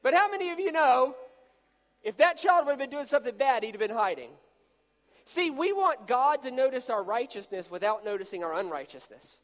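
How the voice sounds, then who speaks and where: High-voiced preacher guy, jokey, working the crowd, big echoey hall. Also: fairly quick. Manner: animated, jokey storytelling with volunteers. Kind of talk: sermon with live demonstration. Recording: long hall reverb.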